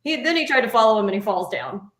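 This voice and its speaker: A woman's voice: a little high, lively intonation, fast talker, a bit bright. Woman retelling a game in a roomy echo. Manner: storytelling, laughing retelling. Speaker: podcast co-host. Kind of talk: casual sports chat.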